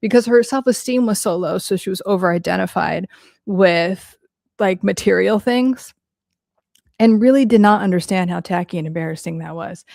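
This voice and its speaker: Woman, casual live Q&A host, blunt and frank, gravelly, dry close sound. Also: fairly low pitch, normal speed, darkish tone, no room sound. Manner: blunt, frank, heavy use of "like". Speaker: host and psychology coach.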